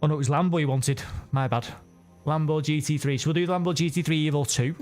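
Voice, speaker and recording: Chatty sim racing streamer. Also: male voice, a little high, steady tone, quick pace, a little mellow, soft background music. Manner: chatty, rambling, self-correcting. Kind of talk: live gameplay commentary.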